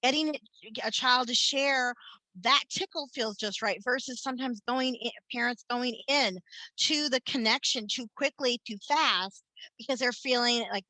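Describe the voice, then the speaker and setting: A woman's voice: a little high, moderate pace, pushed and bright, no room sound, rough recording. A woman family therapist giving a workshop talk, earnest and explanatory, often restarting and repeating words as she works through ideas.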